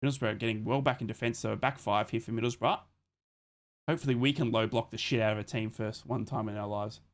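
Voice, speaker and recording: An Australian man hosting a live football watch-along. He talks to his viewers in a chatty, excitable way, swears casually and calls the match as it happens. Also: on the low side, fast talker. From Australia, born in Adelaide. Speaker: live stream host.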